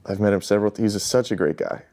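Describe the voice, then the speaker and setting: A man in casual chat on a dating show, cracking deadpan one-liners. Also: on the low side, quick pace.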